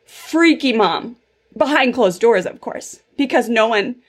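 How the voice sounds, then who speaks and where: A woman's voice: a little high, lively intonation, a little slow, breathy edge. A woman in her thirties hosting a podcast, telling a personal story in a chatty way full of fillers. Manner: chatty, filler-heavy storytelling with lots of 'like' and 'super'. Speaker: podcast host. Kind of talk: casual interview chat.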